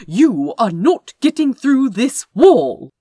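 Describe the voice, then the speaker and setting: A woman plays a cocky young swordsman in a fantasy audiobook, his voice pitched high and loud with overeager bravado. her own voice is pushed well above her usual register. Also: big pitch swings, slow pace, slightly rough, no room sound, studio quality, full character voice. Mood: brash. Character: young blond male hero, brash and overeager.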